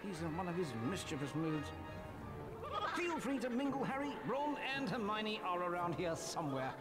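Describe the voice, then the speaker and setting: Courteous ghost host for a game; very high, formal, reverb and music bed. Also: male voice, very animated, normal speed. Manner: polite, formal and welcoming. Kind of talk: video game voice acting.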